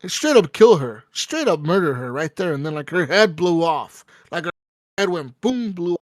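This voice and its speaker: Animated, profane man with a higher voice. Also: normal speed, dry recording. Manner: animated, profane storyteller who acts out dialogue. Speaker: podcast host. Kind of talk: casual chat, retelling a video game story.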